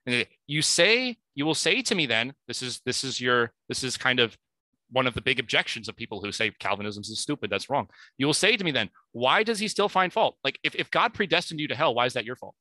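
Young man, bright tense voice, earnest, thinking aloud, reads scripture with emphasis, casual discussion. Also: medium pitch, no room sound. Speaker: podcast speaker.

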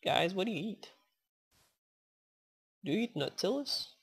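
With a slightly rough, mid-range voice at a measured pace, a woman who hosts a gaming channel comments casually during play. She rambles, thanks her viewers, coaxes in-game animals aloud, and breaks into sudden, excited swearing.

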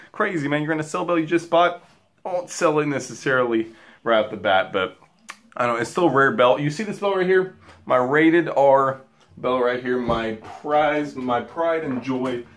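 A man talking excitedly and rambling to his viewers while unboxing in a casual vlog. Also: mid-range voice. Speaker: wrestling belt collector vlogger.

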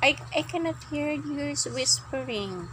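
A woman's voice: sits high, lively intonation, measured pace, a bit bright, slight background noise, low-quality recording. An older woman, a grandmother talking to her granddaughter at bedtime in a casual home vlog, coaxing, repeating herself and laughing often. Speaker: grandmother vlogger. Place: bedroom at home.

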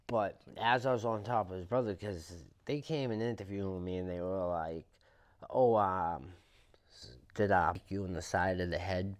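A man with a Boston accent, a podcast guest telling prison stories in a loud, profane, animated way, acting out the quotes. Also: low voice, normal speed. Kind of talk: casual storytelling interview.

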